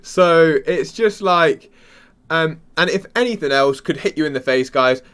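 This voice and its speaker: Young male vlogger, raised pitch, passionate off-the-cuff rant, trips over words. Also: expressive, unhurried, fairly bright tone, clear, resonant tone. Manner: rambling, restarts sentences, searches for words. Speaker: crypto channel host. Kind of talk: casual excited commentary to camera.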